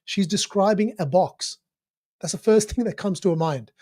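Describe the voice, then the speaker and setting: A man commentating on an interview clip in a casual, animated way, full of fillers and restarts, swearing now and then. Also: high-pitched, moderate pace. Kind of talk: casual spoken analysis.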